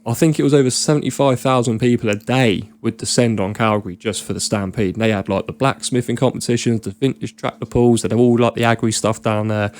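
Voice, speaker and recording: Sweary British bloke spinning a yarn. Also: male voice, mid-range voice, fairly even intonation, quick pace, few pauses, darkish tone. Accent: British English. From Britain. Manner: rambling, sweary and laddish, heavy with slang. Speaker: podcast guest. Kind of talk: casual storytelling chat.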